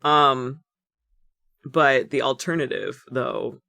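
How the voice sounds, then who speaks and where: Chatty rpg player, gravelly and bright, dry close sound. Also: medium pitch, fairly even intonation, slow, no room sound. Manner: chatty, laughs easily, hesitant fillers. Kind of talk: casual tabletop play.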